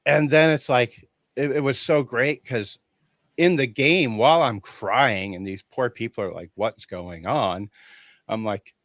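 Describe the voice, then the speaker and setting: A man with a mid-range voice talks at a measured pace as an interview guest in a casual conversation, with no room sound in the recording. He tells a personal story with feeling, animatedly acting out what people said and laughing often.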